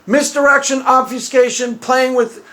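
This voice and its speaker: Male commentator, higher pitched, unscripted and animated, acts out quotes mid-story. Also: normal speed. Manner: conversational, many restarts. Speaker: YouTube commentator.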